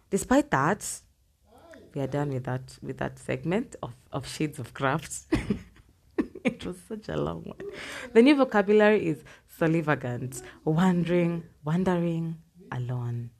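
A woman's voice: sits low, creaky, darkish tone, breathy edge. A woman chatting casually in a home vlog, reading facts aloud and laughing between points. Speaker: vlogger. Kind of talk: casual solo chat.

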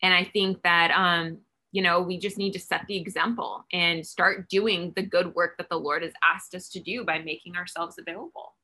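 A woman in Texas who founded an outreach ministry appears as a guest in a faith interview, earnestly recounting stories of her outreach work and acting out her own lines. Her voice is lowish and sharp, with a steady tone, moderate pace, and few pauses.

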